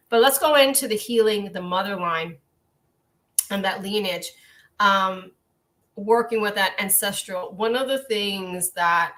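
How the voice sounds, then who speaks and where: On a live stream, a woman coach gives a gentle, earnest oracle card reading in a mid-range voice. She rambles a bit and restarts now and then.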